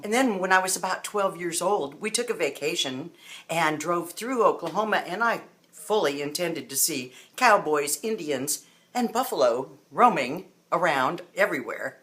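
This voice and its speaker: A woman's voice: lowish voice, expressive, measured pace, a bit bright. A middle-aged woman from Iowa, chatting upbeat as she presents a home recipe to the camera. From northern Iowa. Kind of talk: casual on-camera cooking video.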